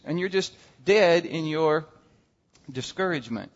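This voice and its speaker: A man's voice: fairly high pitch, a little fast. A man preaching a conversational Easter sermon to his congregation, talking casually and acting out the inner voices of his listeners. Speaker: pastor. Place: church sanctuary. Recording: dull sound in a reverberant hall.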